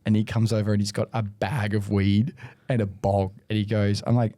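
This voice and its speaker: An Australian man, a podcast co-host, telling sweary, animated stories in casual chat. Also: lowish voice, normal speed. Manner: swears a lot, animated storytelling with acted-out quotes.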